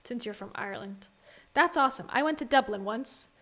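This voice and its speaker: A woman's voice: fairly high pitch, brisk, a bit bright. A woman giving casual livestream commentary on a podcast, chatty and exasperated, reading viewer comments aloud.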